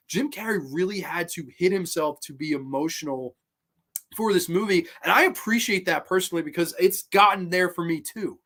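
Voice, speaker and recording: Male vlogger, somewhat high voice, heartfelt rambling movie talk with restarts and swearing. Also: a bit bright. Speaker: movie review channel host. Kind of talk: casual spoken movie commentary.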